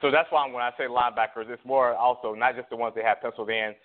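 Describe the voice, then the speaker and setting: A man co-hosting casual sports chat over a tinny, phone-like line, a little out of breath. He rambles, repeats words and laughs between points. His pitch sits mid-range. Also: steady tone, fast. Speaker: co-host.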